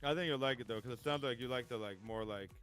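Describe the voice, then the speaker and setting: A man's voice: medium pitch, fast, a bit bright, faint music behind. Laughing man telling a story. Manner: laughing storyteller, acts out a friend's lines. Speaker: gaming streamer. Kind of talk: casual chat while gaming.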